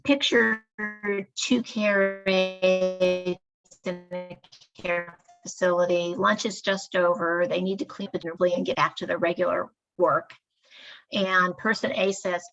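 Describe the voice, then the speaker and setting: A woman leads a staff training lecture, explaining each point in a steady, measured way. Her voice is gravelly and husky. The recording is dull and lo-fi. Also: fairly low pitch.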